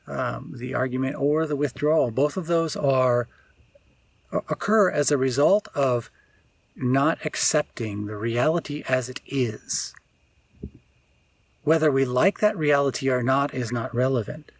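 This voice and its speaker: A man, a spiritual teacher, giving an unscripted reflective talk, often pausing and restarting as he searches for words. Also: medium pitch, husky.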